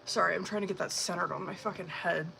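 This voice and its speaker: A woman's voice: lowish voice, steady tone, quick pace, gravelly, bright, forceful tone, faint music behind. A woman in her thirties or forties chatting casually on a live tarot stream, blunt and profane, laughing often as she reads out messages. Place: home kitchen.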